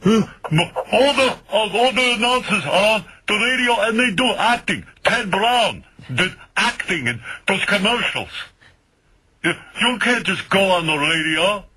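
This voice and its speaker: A man's voice: high-pitched, expressive, unhurried, sharp tone, husky, pitched above the performer's own voice, full character voice, rough recording. A man putting on his nagging older father, lecturing his son. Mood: scolding. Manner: scolding, lecturing. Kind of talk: comic impression on talk radio.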